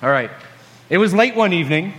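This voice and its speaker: A man preaching a sermon, retelling a story with jokes and lively, animated asides. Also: high-pitched, brisk, slightly rough.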